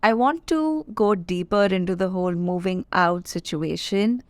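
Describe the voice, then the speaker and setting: Chatty young woman from India, low voice. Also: normal speed, no echo. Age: 20s. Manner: chatty and confiding, playful asides. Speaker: podcast host. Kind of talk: casual solo podcast chat.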